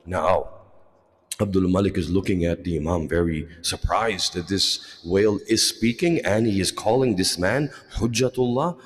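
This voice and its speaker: A man giving a religious lecture, telling stories and voicing the quoted lines in a higher pitch. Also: normal speed. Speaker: majlis lecturer. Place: religious centre hall. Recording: long hall reverb.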